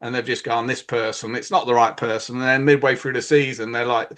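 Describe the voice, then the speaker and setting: A man's voice: mid-range voice, little pitch movement, brisk, fairly bright tone. A British man co-hosting a podcast, explaining coaching ideas in casual talk and acting out quotes from players and coaches.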